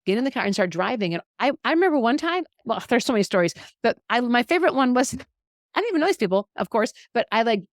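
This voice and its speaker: A middle-aged woman giving an animated, encouraging faith-based health lesson, laughing often. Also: fairly high pitch, fast, no echo, studio quality. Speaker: health educator. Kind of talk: faith-based teaching talk.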